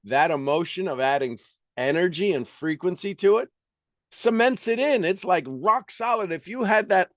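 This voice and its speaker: A man's voice: high-pitched, lively intonation, moderate pace, a bit bright, dry recording, clean studio sound. A man reading a self-help book aloud and breaking off into emphatic, preachy asides and questions to his listeners. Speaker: motivational book reader and coach.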